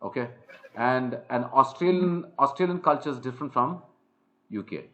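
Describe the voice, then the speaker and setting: A man's voice: mid-range voice, animated, normal speed, fairly bright tone, rough recording. A man with an Indian accent coaching a trainee one-on-one, lecturing with many fillers and restarts. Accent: Indian English. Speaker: soft skills trainer.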